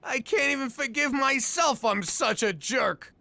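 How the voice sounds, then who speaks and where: A man voicing a hapless, self-pitying mobster in an animated series, talking in a brash, whiny way. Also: extremely high pitch, vocal fry, dry recording, exaggerated voice. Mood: remorseful. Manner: brash, whiny, fast-shifting. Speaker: lead character. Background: music.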